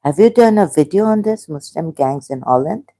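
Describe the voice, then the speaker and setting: A woman from Pakistan hosting a livestream, reading viewer comments and reacting with halting speech, many fillers and restarts, and shocked exclamations. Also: low-pitched, expressive, dark tone. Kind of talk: casual livestream talk.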